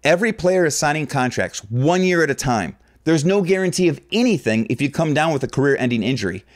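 Brief: male video-essay narrator, scripted delivery, pitch that rises and falls a lot. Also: quick pace. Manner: animated, reads book quotes with dialogue voices.

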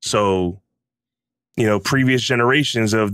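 A middle-aged man speaks as a podcast guest, making his points in a firm, opinionated way. His voice sits low, and the sound is dry and close. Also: a little slow, a bit bright, no echo. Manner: emphatic, opinionated. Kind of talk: casual conversation.

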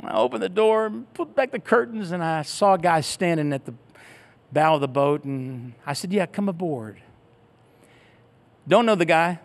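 A middle-aged man preaching a sermon through a personal story. His fairly high voice swings up and down as he acts out each person he quotes. He closes in a quieter, steady prayer. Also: normal speed, creaky. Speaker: pastor.

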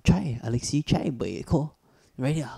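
A man puts on a cocky martial-arts champ in a comedy skit, all bragging and picking fights in broken English. The voice sits dark and mellow, with a steady middle pitch. He jeers and dares people to step outside. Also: a little slow, gravelly, husky, heavily acted. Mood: boastful taunting. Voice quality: broken English, trash-talking, taunting. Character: boastful foul-mouthed martial-arts champ, adult man, picks fights.

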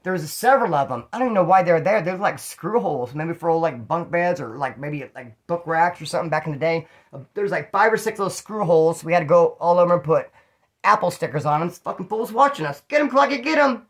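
Fast-talking, profane male storyteller. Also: a little high. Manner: rambling, profane, street slang. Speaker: former prisoner telling stories. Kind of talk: casual spoken storytelling.

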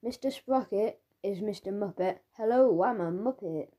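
A sly, teasing schoolboy bully, as a woman reads him in a storybook. The voice is soft and mellow rather than harsh, with a middling pitch, and he leans in with a nudging, needling delivery. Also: normal speed, lightly acted. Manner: sly, teasing, leaning in with loud whispers. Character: boy bully who gives everyone nicknames. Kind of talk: audiobook character reading.

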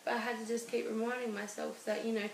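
Woman guest, thirties, gravelly, echoey studio, halting personal story. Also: on the high side, flat delivery. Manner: halting and emotional, many restarts. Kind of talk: personal interview. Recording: roomy studio with faint hiss.

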